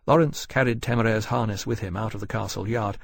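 A man reading an audiobook in a measured, even storytelling manner. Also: lowish voice, gravelly. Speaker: audiobook narrator. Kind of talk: scripted narration.

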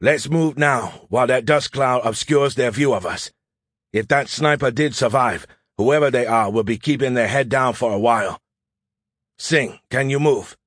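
A man's voice: mid-range voice, a bit bright, no room sound, studio quality, close to an everyday voice. Man voicing a composed, formal army captain. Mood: brisk. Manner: measured, commanding. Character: calm, formal male military captain.

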